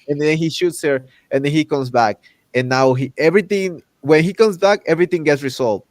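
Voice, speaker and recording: A man hosting a casual chat, ranting in an animated way and acting out characters' lines with exaggerated voices. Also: fairly high pitch, brisk, no room sound. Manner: loose, repetitive restarts while ranting. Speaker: podcast host.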